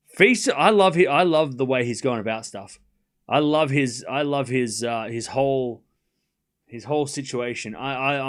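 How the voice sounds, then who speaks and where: A young man hosting a live stream, chatting casually and rambling, often repeating himself. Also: medium pitch. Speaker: host.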